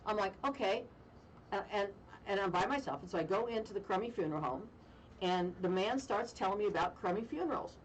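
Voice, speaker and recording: A woman radio host telling a funny story in casual chat, animated and self-mocking, with deadpan jokes. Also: mid-range voice, quick pace, recorded from a distance, a little hiss or hum, poor audio. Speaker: radio talk show host.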